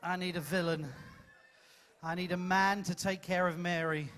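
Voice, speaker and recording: A man's voice: high voice, flat delivery, normal speed, music in the background. A man hosting a comic audience-participation show on a ship's stage, teasing and theatrical, speaking into a handheld mic. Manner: teasing, theatrical, self-mocking. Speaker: cruise ship entertainer.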